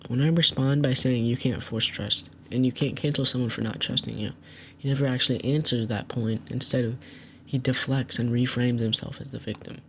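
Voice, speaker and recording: A man at an ordinary pitch walks through a falling-out step by step, firm and accusatory. He reads back messages line by line and explains why each one matters. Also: fairly even intonation, fairly quick, hardly any pauses, fairly bright tone, slight background noise. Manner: methodical, reads chat messages aloud line by line. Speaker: channel host. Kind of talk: recounting a dispute to camera.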